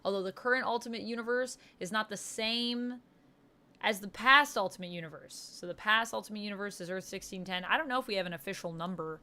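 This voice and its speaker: A woman's voice: mid-range voice, brisk, bright, forceful tone. A woman hosting a casual livestream, chatting enthusiastically about comics and reading out viewer comments as she answers them. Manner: enthusiastic comic-book fan talk. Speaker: livestream host. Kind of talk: casual chat.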